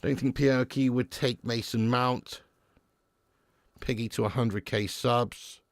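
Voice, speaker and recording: A man streaming a live football watch-along, reading viewer comments casually, then swearing and shouting at the match as it unfolds. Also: medium pitch, fairly even intonation, a little slow, gravelly, dry recording, studio quality.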